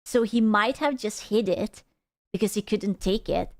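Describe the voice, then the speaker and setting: A woman's voice: mid-range voice, measured pace, no echo, studio quality. A woman from Europe streaming a casual reaction, talking bluntly, swearing and joking sarcastically.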